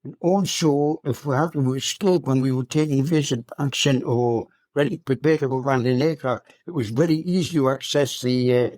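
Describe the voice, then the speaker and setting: A hundred-year-old man recounting his wartime memories as an interview guest, speaking in a halting, unhurried way with many fillers. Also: medium pitch, darkish tone, no echo. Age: 100. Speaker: RAF veteran guest.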